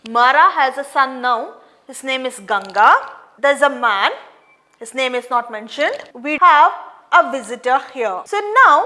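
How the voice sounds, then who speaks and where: A young woman with an Indian English accent teaching an online class, explaining a play slowly and repeating lines to explain them. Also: high-pitched, bright, forceful tone.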